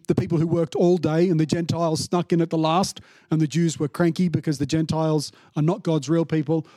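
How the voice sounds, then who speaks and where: Guy preaching a chatty sermon, high voice, lots of ums, dry close sound. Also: mellow, no echo. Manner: casual, chatty, many fillers and restarts; acts out the landowner's lines in a mock-indignant tone. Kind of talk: conversational sermon.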